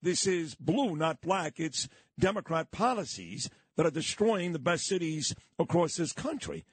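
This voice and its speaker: A male morning radio host with a slightly husky, somewhat high voice. His pitch swings in a lively way, and the studio sound is dry and close. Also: unhurried, dry recording. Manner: lively, blunt interviewer. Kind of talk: radio talk show hosting.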